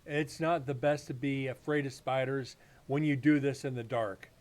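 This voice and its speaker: A man's voice: mid-range voice, steady tone, normal speed, darkish tone. A man hosting a live paranormal stream, telling rambling, profane stories in casual chat.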